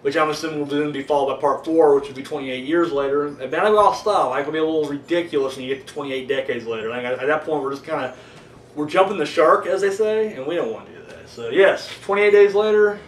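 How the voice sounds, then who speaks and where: Man, casual rambling movie review, fairly high voice, roomy echo, mic a bit distant. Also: fast talker, a little hiss or hum. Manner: rambling, swears freely, many fillers. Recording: echoey room, voice a bit far from the mic.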